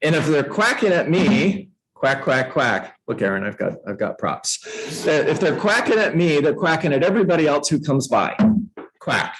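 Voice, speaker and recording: A man who coaches real estate agents, telling a playful story to a room and jumping up in pitch for emphasis. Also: brisk, few pauses, soft background music, low-quality recording. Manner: animated, playful, uses props, jumps up in pitch for emphasis; addresses listeners by name. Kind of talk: storytelling motivational talk.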